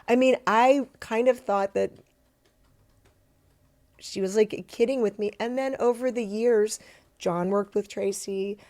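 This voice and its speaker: A middle-aged actress chatting as a podcast guest, self-deprecating and lively, slipping into voices as she tells stories. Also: medium pitch, moderate pace. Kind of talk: casual interview chat.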